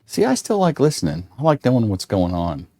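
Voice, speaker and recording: A man's voice: medium pitch, huge pitch swings, fairly quick, dark tone. A middle-aged man hosting a casual livestream chat, folksy and joking, rambling with restarts. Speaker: show host.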